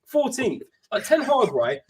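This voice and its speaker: A man hosting a casual football chat, talking in animated bursts. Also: very high-pitched, measured pace, over a noisy crowd. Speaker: channel host.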